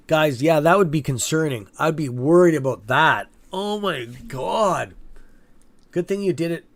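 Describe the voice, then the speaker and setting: The voice is on the high side and a little slow: a man streaming stock trades live and chatting casually with his audience. He reads viewer comments, reacts to them aloud, and swears without hesitation when annoyed.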